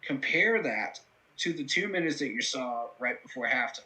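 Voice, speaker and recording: A man's voice: medium pitch, lively intonation, moderate pace, sharp tone, low-quality recording. A man hosting a live football reaction stream, talking through the game in an earnest, analytical way with many fillers. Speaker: host.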